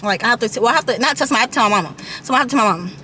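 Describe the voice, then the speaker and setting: A woman's voice: a little high, expressive, racing, pushed and bright, slight background noise. A young woman in her late teens telling a personal story to her viewers in a chatty storytime vlog, often calling them y'all and repeating herself. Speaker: vlogger.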